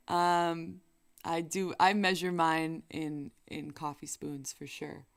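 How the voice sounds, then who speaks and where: A woman's voice: low voice, fairly even intonation, unhurried, no echo, studio quality. A woman singer and vlogger talking casually to the camera in a playful, chatty way. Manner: playful and chatty, bursts into song.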